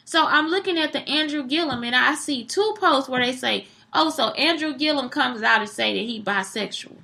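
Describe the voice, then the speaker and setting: Blunt, animated woman, bright high voice. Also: gravelly. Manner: blunt, animated, swearing freely. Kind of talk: casual monologue vlog.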